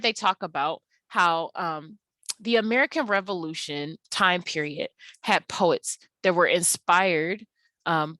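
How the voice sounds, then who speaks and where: Woman teacher going over slides, kinda low voice, dry close mic, lots of ums. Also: a bit bright, no room sound. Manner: explanatory, with frequent ums and uhs. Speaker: English teacher. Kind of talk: recorded slide lecture.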